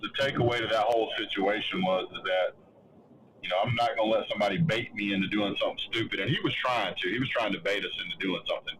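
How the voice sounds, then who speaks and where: Halting man telling a story. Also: fairly low pitch, fairly bright tone, slight background noise, poor audio. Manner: halting, restarts often, acts out others' lines. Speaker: show host. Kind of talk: casual chat, telling a story.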